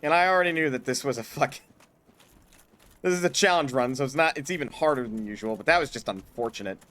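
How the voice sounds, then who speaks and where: A man's voice: mid-range voice, fast talker, a bit bright. A man streaming a hard game, chatting casually, swearing often and breaking into mock-grand speeches. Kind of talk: casual gameplay commentary.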